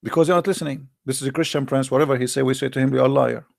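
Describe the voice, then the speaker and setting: A man hosting a livestream who tells stories in animated, broken English and talks straight to his audience. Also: medium pitch, very fast, creaky, no room sound, studio quality. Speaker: livestream host. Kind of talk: casual livestream storytelling.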